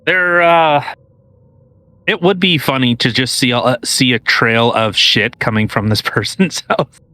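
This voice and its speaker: A man co-hosting a casual podcast, tossing in deadpan dark jokes. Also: mid-range voice, unhurried. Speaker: podcast co-host.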